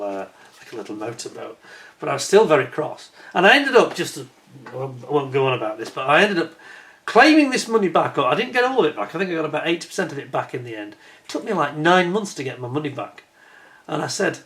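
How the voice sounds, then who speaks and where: A man narrates his travel footage in a voice pitched a little above the usual male range. His tone is bright and forceful. He tells the story as an indignant, exasperated rant. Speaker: travel vlogger. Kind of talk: voice-over narration of holiday footage.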